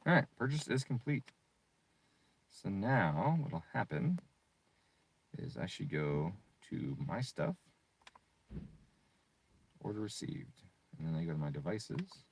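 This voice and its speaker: Low-voiced profane man ranting. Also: big pitch swings, gravelly, a little hiss or hum. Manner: profane, quick to rant. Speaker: car tuner and streamer. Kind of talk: casual profane screen walkthrough.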